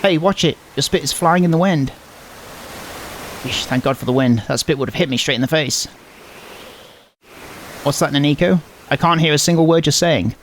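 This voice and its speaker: A man's voice: a little high, normal speed, pauses often, slight background noise. A man playing through a visual novel, reading every line in a playful, exaggerated comedic way.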